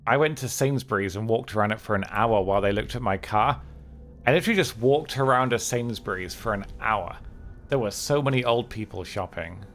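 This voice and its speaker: Low-key man streaming. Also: brisk. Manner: low-key, candid, downbeat. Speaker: game streamer. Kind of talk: casual live-stream chat. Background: game music.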